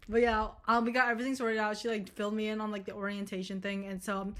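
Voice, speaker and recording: A young woman vlogging casually, telling a rambling story full of swearing and animated retellings. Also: medium pitch, fairly quick. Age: young adult.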